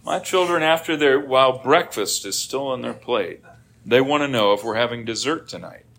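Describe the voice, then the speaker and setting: A man's voice: medium pitch, normal speed, creaky, fairly bright tone. A middle-aged man preaching a sermon as pastor, acting out quoted grumbling and prayers in a dramatic way.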